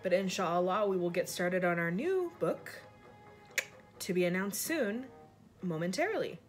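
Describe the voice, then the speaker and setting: A woman reading a children's storybook aloud, jumping her pitch up high for the characters' lines. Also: expressive, a little slow, faint music behind. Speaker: reader of a children's book.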